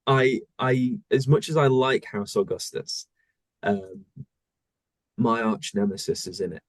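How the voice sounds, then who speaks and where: A male voice actor talking casually in an interview, thoughtful and searching for words with many pauses. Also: medium pitch, animated, gravelly, dry recording. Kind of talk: casual conversation.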